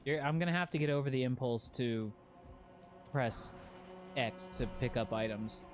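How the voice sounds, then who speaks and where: A man giving casual live commentary while playing a video game. He swears freely and yelps and shouts at what happens on screen. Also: medium pitch, normal speed. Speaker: game streamer. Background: game music.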